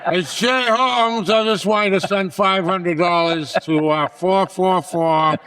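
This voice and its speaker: A man imitating a blunt, middle-aged father with a Boston accent, brusque and flat. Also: sits high, slow pace, slight background noise, voice pushed up, heavily acted. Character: gruff middle-aged Boston dad, blunt and matter-of-fact.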